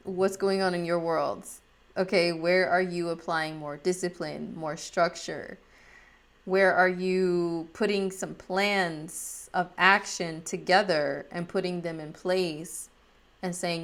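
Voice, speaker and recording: A woman's voice: on the low side, fairly even intonation, slow. A woman astrologer talking casually and chattily, with slang and frequent laughs.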